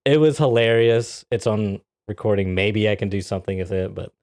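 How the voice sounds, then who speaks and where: A man's voice: on the low side, brisk, no room sound, studio quality. A man co-hosting a podcast, telling a story in casual chat, often laughing and acting out what people said. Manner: animated, laughs often, acts out quotes. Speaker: podcast co-host.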